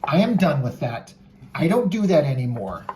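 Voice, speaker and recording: A man's voice: on the high side, big pitch swings, normal speed, a little mellow, slight background noise. A man reading as a blunt retired villain. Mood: dismissive. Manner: blunt, dismissive. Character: gruff retired male villain turned hired muscle.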